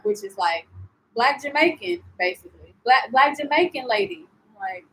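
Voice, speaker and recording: A young woman chatting casually in a live-stream travel vlog, animated and full of "like" and "you know", answering viewers as she goes. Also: on the high side, normal speed, a little hiss or hum, low-quality recording. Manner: reads and answers viewer comments. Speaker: travel vlogger.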